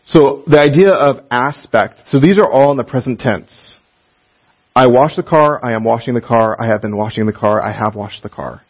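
Guy teaching bible class, chatty and animated, kinda dull lo-fi recording. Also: medium pitch, normal speed. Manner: animated, chatty, laughs often, reads passages aloud. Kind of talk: casual classroom lesson.

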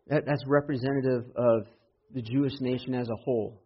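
A man preaching a Sunday sermon as pastor, building to loud, impassioned emphasis when he quotes scripture. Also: mid-range voice, fairly even intonation, a little fast, husky. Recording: dull lo-fi sermon audio.

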